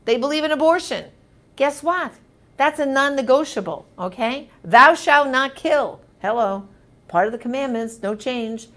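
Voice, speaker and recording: A woman's voice: sits high, normal speed. A woman hosting a live show, reading viewer comments and answering them in an emphatic, conversational way.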